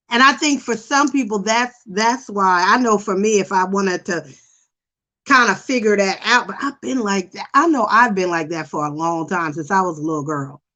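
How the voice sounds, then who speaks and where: A middle-aged woman hosting a psychology podcast, talking in a chatty, animated way with lots of fillers. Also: mid-range voice. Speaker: podcast host, psychology professional. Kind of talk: casual chat.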